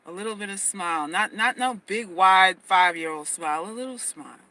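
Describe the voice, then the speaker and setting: Woman host, bright tone, emphatic casual livestream advice, repeats herself. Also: medium pitch, brisk, slight background noise, rough recording. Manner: emphatic, repeats phrases, stammers on restarts.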